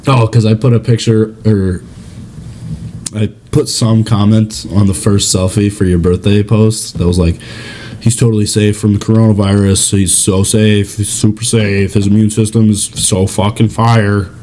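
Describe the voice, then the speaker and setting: Young guy on a podcast, low mellow voice, swears a lot, acts out his stories. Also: normal speed, a little hiss or hum. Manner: profane, animated storyteller who acts out others in a high voice. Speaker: podcast co-host. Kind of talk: casual chat.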